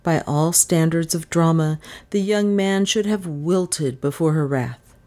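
A woman narrating a story in a steady audiobook reading. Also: sits low, unhurried.

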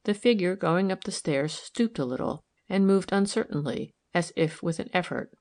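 A woman narrating a novel as an audiobook in a measured, even way. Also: lowish voice. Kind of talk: scripted narration.

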